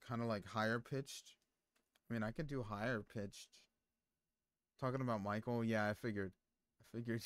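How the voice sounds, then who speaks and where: A man's voice: fairly low pitch, no echo. A man streaming, chatting casually with his viewers in a rambling way full of fillers and restarts. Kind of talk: casual stream chat, reading chat aloud.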